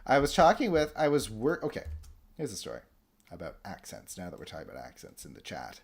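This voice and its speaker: A man's voice: lowish voice, wildly swooping pitch, fairly quick, creaky, slightly rough. A man casually chatting on a game livestream, rambling through stories and answering chat with lots of fillers and restarts.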